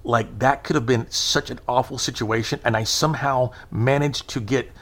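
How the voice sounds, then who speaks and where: Man rambling through an animated anecdote. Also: mid-range voice, normal speed. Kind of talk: casual conversational storytelling.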